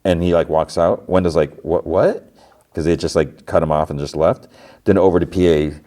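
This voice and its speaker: A man's voice: deep voice, steady tone, a little fast, warm tone. A man hosting a podcast, casually recapping a TV episode and quoting the characters. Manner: retells scenes with quoted voices, many fillers like "like". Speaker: podcast host.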